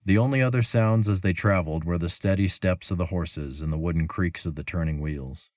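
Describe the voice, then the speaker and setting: A man narrating a fantasy story as an audiobook, measured and even. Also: deep voice, dry recording, clean studio sound.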